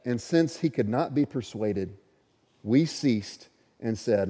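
Earnest preacher, mellow voice. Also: male voice, medium pitch, expressive, takes it slowly, in a large hall, highs cut off. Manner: earnest, emphatic, asks the congregation questions. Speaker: pastor. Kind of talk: sermon.

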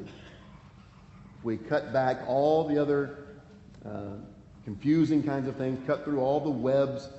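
In an echoey hall with a dull, lo-fi sound and faint ambience, a male pastor preaches earnestly and pleadingly, reading scripture aloud with emphasis. His medium-pitched voice has a dark tone, with slight background noise.

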